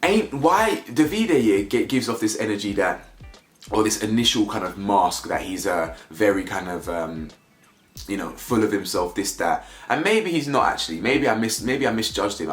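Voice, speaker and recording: A man's voice: on the low side, animated, moderate pace. A young man gives a casual, slangy review of a reality show, firing off rhetorical questions. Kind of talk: casual commentary vlog. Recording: echoey room with faint music.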